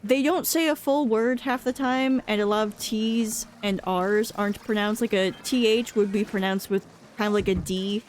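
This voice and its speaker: A woman's voice: mid-range voice, steady tone, normal speed, hardly any pauses, a little hiss or hum. Chatty Boston-accented woman streamer. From New England. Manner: chatty, laughs often, fillers like "like". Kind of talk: casual chat while gaming.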